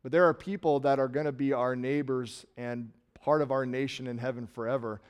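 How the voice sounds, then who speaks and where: A middle-aged man from Nebraska preaching a sermon in a conversational way, swinging from loud emphasis to quiet trailing words. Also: medium pitch, fairly even intonation, fairly quick, smooth. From Nebraska, USA. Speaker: pastor.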